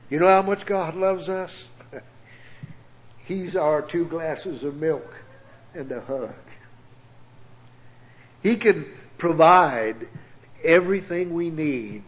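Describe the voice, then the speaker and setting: A man's voice: on the high side, dull audio. A man preaching a sermon in a church, telling a story and making earnest, pleading appeals. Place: church sanctuary.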